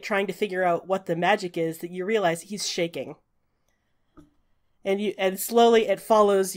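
A woman narrating a tabletop game as game master, chatty, with many fillers and restarts. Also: medium pitch. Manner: chatty, frequent "uh" fillers, restarts mid-sentence.

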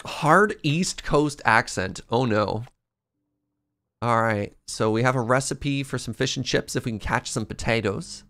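A man streaming a video game live, with playful, excitable commentary. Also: mid-range voice, normal speed.

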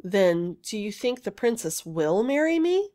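A woman's voice: medium pitch, big pitch swings, normal speed, lightly acted. A woman voicing an earnest, shy young man hero while reading a fairy story aloud. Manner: earnest, eager.

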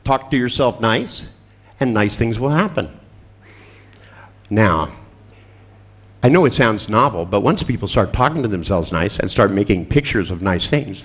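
A man with a lowish voice that swings widely in pitch, telling stories at a seminar in a blunt, profane way. He acts out his exchanges with clients and laughs at his own jokes. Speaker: seminar presenter on therapy and coaching. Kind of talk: storytelling seminar talk to a live audience.

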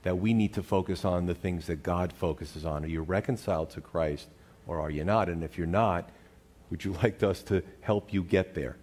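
A man hosting a church question-and-answer session, his voice sitting very low. He speaks earnestly and puts his questions directly. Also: normal speed, darkish tone. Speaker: church Q&A host.

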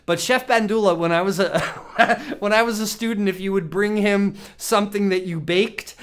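A man's voice: high voice, normal speed, a bit bright, smooth. A man teaching cooking in a casual, chatty way, asking the viewer questions and laughing often. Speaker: cooking instructor. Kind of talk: casual teaching talk to camera.

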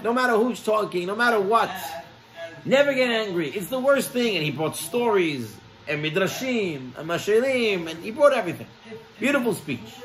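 A man, a rabbi, giving a storytelling sermon, lively and acting out the people in his stories. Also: poor audio. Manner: animated storytelling, acts out quoted characters with raised pitch.

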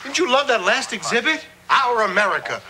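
A man's voice: very high-pitched, sing-song, fairly quick, sharp tone, full character voice. An actor playing an earnest plumber father in a 1980s sitcom, stern but joking as he lectures his son. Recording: hissy old VHS TV broadcast.

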